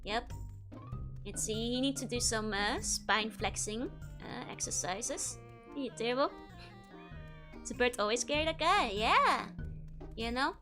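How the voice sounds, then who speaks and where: A woman's voice: a little high, lively intonation, measured pace, long pauses, pushed and bright. A young woman with a Dutch accent, a native Dutch speaker, chatting and giggling through casual gameplay commentary as a streamer and answering her chat. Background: game music.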